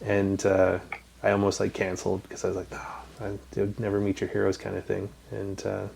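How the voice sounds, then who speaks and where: A man's voice: fairly low pitch, completely flat delivery, a little fast, gravelly, a little mellow, slight background noise. A man from Canada hosting a casual podcast chat, telling rambling stories with lots of ums and swearing. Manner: rambling storyteller, swears freely, many ums. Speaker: podcast host.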